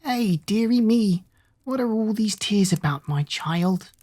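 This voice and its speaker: A woman voicing a kindly old fairy godmother who speaks in a feeble, croaking voice. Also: medium pitch, expressive, measured pace, warm tone, pitched above the performer's own voice. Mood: tender.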